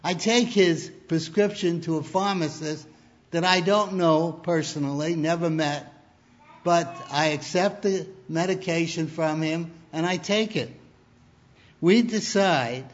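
Male preacher, kinda high voice, slow sermon, muffled dull recording. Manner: deliberate, storytelling with humor.

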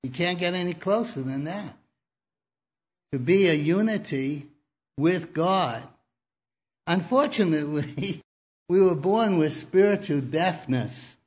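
Male preacher, slow deliberate sermon delivery, lo-fi muffled sound. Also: fairly high pitch, lively intonation, darkish tone. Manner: deliberate, storytelling with humor.

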